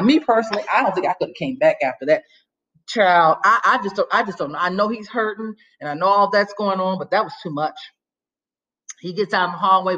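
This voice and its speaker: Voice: mid-range voice, lo-fi sound. A podcast host recapping a TV episode in casual chat, telling it like gossip with sassy asides and acted-out quotes. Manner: animated storytelling, acts out quotes, sassy asides.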